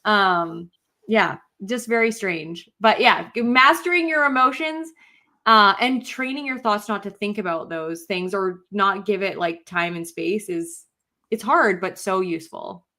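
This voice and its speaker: A woman co-hosting a casual podcast chat, who talks in an animated way with many fillers and acts out quotes. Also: medium pitch, measured pace. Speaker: podcast co-host.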